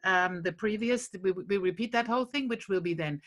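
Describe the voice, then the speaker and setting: A woman's voice: mid-range voice, a little fast, fairly bright tone. A woman leading a lullaby workshop, patiently explaining a song step by step and breaking off to sing phrases. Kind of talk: teaching a song to a group.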